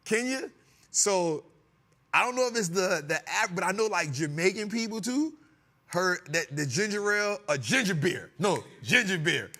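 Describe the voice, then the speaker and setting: A high-pitched man at a moderate pace hosts a comedic finance talk show about stocks. His manner is animated and joking; he laughs often and teases his crew.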